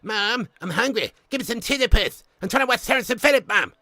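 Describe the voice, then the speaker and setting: A man's voice: high-pitched, lively intonation, fairly quick, sharp tone, no room sound, studio quality, pitched above the performer's own voice, exaggerated voice. A man voicing a whiny, demanding cartoon boy. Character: bratty bossy cartoon boy.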